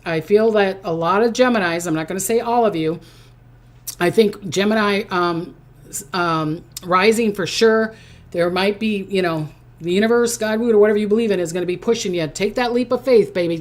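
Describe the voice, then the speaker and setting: Chatty woman giving a psychic reading. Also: medium pitch. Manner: chatty, repeats phrases, reads viewer comments aloud. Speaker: psychic reader. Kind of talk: casual live horoscope reading.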